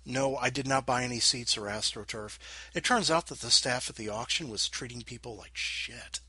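A man's voice: mid-range voice, moderate pace, sharp tone, breathy edge, no echo. A man hosting his own podcast in casual chat, rambling and self-deprecating, muttering asides to himself. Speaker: podcast host.

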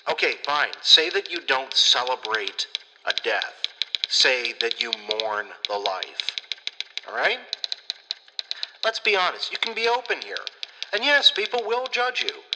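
Slow, rambling man in an echoey room. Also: medium pitch. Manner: rambling and blunt, swears freely, many fillers. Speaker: podcast host. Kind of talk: casual solo podcast chat. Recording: echoey room with clear background noise.

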